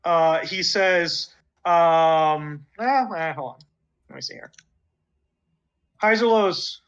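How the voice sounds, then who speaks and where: A man's voice: on the high side, slow, a bit bright, clear, resonant tone. A man narrating a tabletop game as dungeon master, voicing characters with many fillers and restarts. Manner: hesitant, full of fillers and restarts. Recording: muffled lo-fi audio.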